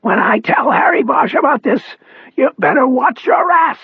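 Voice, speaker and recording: A man voicing a paralyzed older male ex-cop with a raspy, straining voice, crying out high and strained. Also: sing-song, moderate pace, no echo, highs cut off, heavily acted. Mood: defiant. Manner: high strained cries and shouts.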